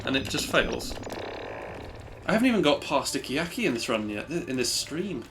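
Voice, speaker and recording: A man's voice: medium pitch, very animated, fairly quick, over music. A young man live-streaming a speedrun, chatting casually and teasing himself about his mistakes. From Britain. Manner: rambling, self-deprecating, chatty.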